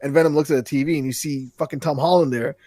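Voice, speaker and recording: A man co-hosting a podcast in casual chat, excitable and rambling, cursing freely as he talks. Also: on the high side, fast, dry recording, clean studio sound. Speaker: podcast co-host.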